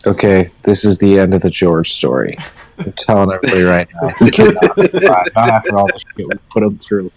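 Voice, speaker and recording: A man narrating his turn in a tabletop storytelling game, a lively storyteller who swears and jumps into character voices. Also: deep voice, brisk, poor audio. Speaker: player.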